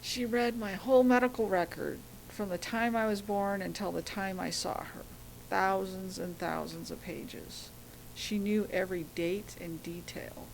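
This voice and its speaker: A middle-aged woman telling a personal story as a guest, animated, acting out the voices of people she quotes. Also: medium pitch, creaky, background noise.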